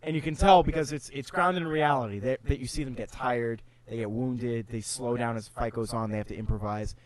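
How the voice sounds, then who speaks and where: A man's voice: mid-range voice, steady tone, a little fast, low-quality recording. A man co-hosting a casual movie review podcast, laying out his argument at length. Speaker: podcast co-host.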